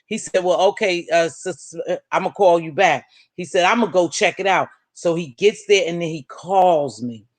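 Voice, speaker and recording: Animated woman storyteller, dry close sound. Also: fairly low pitch, normal speed, no room sound. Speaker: vlog host. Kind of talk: casual storytelling chat.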